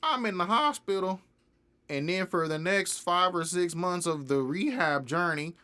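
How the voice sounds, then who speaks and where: Speaking a little slowly and in a high voice, a young man who makes music independently recounts a story during a relaxed interview. He's full of energy, often breaks into laughter, and performs other people's lines himself.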